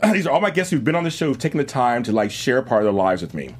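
A man in his fifties hosting a talk show, excitable and quick, often laughing. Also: medium pitch, slightly rough. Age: 50s. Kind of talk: upbeat show host intro and guest roll call.

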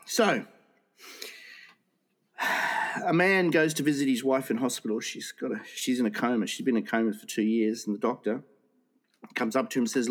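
A man's voice: mid-range voice, normal speed, pauses often. A man casually telling jokes in a rambling way, often restarting his sentences and laughing at his own punchlines.

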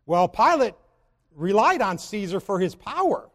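A man preaching a sermon who swings between loud, emphatic passages and low, slow scripture reading. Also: sing-song, big-room sound.

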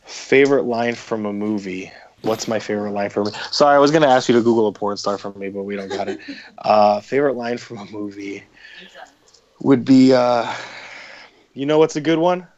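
A man's voice: mid-range voice, normal speed, a little mellow, highs cut off. A man, a podcast guest, chatting casually in a rambling, profane way with many fillers. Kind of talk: casual chat.

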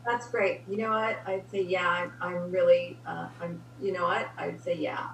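A woman guest giving relationship advice in an energetic way, acting out example dialogue. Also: lowish voice, normal speed, vocal fry. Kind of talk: casual conversation. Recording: roomy, distant mic with faint hum.

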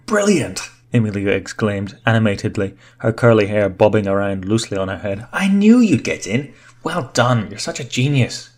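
A man voicing an excitable young woman student in a storybook reading, talking in a high, gushing way. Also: fairly quick, hardly any pauses, lightly acted. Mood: excited. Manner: gushing, animated.

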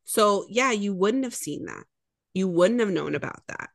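A woman's voice: mid-range voice, lively intonation, vocal fry. A woman in her thirties co-hosting a podcast, talking candidly and reflectively about parenting and her own childhood. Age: 30s. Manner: candid, reflective, quick asides. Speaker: podcast co-host. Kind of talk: casual chat.

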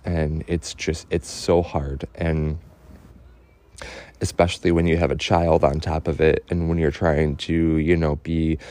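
A man telling a personal story in a halting, earnest way, full of fillers and restarts, openly emotional. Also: rumbling low, warm tone, dry recording.

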